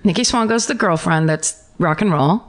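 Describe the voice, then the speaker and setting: Woman co-host, lively emphatic banter. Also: lowish voice, moderate pace. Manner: animated, emphatic, swears. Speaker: podcast co-host. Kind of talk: casual chat.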